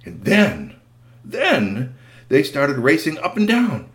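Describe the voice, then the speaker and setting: Brief: man storyteller, animated and conversational, pitch leaping around. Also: slow. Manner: chatty asides, lively.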